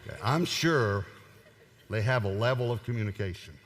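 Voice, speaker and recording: A man's voice: fairly low pitch, moderate pace, fairly bright tone. A man preaching a sermon in a conversational, humorous way, driving points home by repeating them. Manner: conversational, humorous, emphatic repetition. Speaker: pastor. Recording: long hall reverb.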